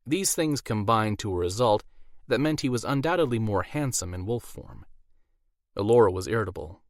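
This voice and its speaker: A man narrates a fantasy novel in a measured, storytelling way. His voice sits on the low side, close on the mic and dry, with no room sound. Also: animated, no room sound. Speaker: audiobook narrator. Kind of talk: scripted narration.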